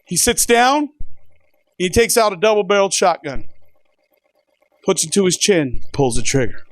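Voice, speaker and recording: A man who works as a first responder, telling a slow-building dark-humored story on stage. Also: sits high, sing-song. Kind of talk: stand-up storytelling.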